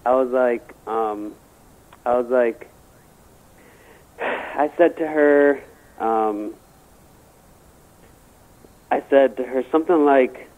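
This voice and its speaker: A man's voice: mid-range voice, slow, pauses often. Stammering man on a tinny phone line. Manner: rambling, stammering, crude and frank. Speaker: guest. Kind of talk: casual storytelling chat.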